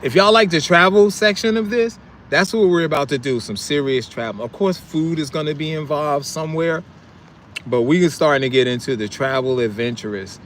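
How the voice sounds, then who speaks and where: Middle-aged guy live streaming outside, kinda high voice, chatty, laughs a lot, faint street noise behind him. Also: a little fast, a bit bright. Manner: chatty, laughs, trails off into low mumbles. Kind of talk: casual live chat reading viewer comments.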